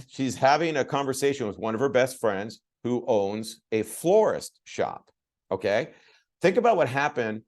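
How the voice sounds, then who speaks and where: A man leading a coaching call, telling stories with energetic emphasis and repetition. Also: fairly low pitch.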